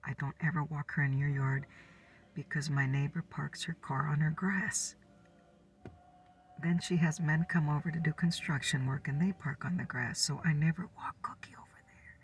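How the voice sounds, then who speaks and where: A woman in her fifties telling a neighborhood gossip story in a soft, whispered ASMR style. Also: low-pitched, fairly even intonation, moderate pace, distant mic. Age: 50s. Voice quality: breathy.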